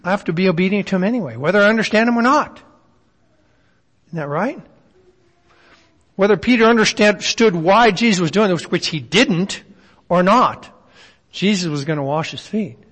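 A man with a somewhat high voice teaches a Bible study in an easy, conversational way. He keeps turning to his listeners with questions. His voice rings with the long reverb of a hall. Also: moderate pace, pauses often, fairly bright tone.

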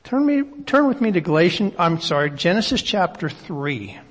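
A man's voice: high voice, big pitch swings, normal speed. A man preaching a sermon, reading scripture aloud and posing reflective rhetorical questions. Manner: reads scripture aloud at length. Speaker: pastor. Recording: long hall reverb.

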